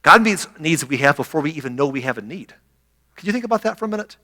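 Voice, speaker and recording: A middle-aged man preaching a sermon as a pastor, telling stories and acting out quotes with animated energy. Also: a little high, fast talker, big-room sound. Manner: animated storytelling, acts out quotes. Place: church sanctuary.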